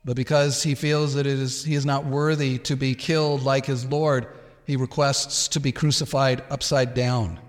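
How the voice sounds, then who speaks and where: A man preaching a sermon as pastor, emphatic and expressive, sometimes acting out the words of others. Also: medium pitch, moderate pace, big-room sound. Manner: emphatic, acts out Peter's protests.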